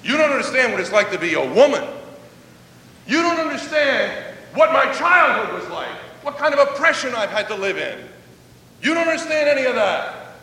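A man's voice: sing-song, normal speed, bright, forceful tone, exaggerated voice. A preacher voicing a guarded woman who sharply protests and pleads. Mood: defensive. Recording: echoey hall, faint rumble.

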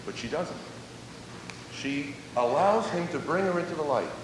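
A male pastor delivering a sermon with animated preaching, slowing down to stress key words. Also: recorded from a distance. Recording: echoey hall, faint rumble.

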